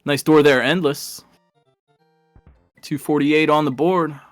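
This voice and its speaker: In a relaxed streaming style, a chatty man rambles through live commentary on a video game race, his voice sitting a little high and his pace slow. He keeps laughing at his own stories and tangents. The recording is dry and close, with faint music playing underneath.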